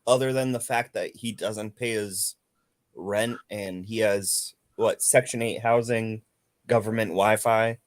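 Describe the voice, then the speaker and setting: A man's voice: lowish voice, steady tone, a little slow. Blunt joking man on a stream panel. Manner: blunt, joking, pointed questions. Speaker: panel guest. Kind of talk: casual livestream chat.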